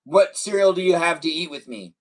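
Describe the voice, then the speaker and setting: A man's voice: fairly high pitch, expressive, fairly quick, recorded from a distance, rough recording. A young man hosting a casual livestream, rambling with many fillers and restarts. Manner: rambling, hesitant, lots of fillers. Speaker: livestream host.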